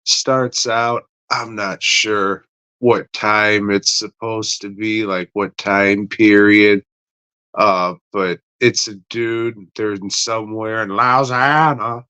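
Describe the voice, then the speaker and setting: Male podcast host, unhurried, crude offhand review voice. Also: lowish voice, steady tone, bright, forceful tone, clean tone, no room sound. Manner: rambling, profane, offhand. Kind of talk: casual spoken review.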